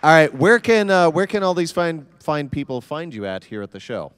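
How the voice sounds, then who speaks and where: A man's voice: on the high side, sing-song, normal speed, fairly bright tone, clean tone, long reverb tail, a faint crowd. A man moderating a convention panel, joking with the audience. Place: large convention hall.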